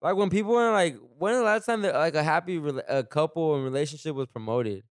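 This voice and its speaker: A man's voice: fairly high pitch, fast talker, clear, resonant tone, no room sound, studio quality. Young man, slangy casual chat. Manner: slangy, profane, restarts often.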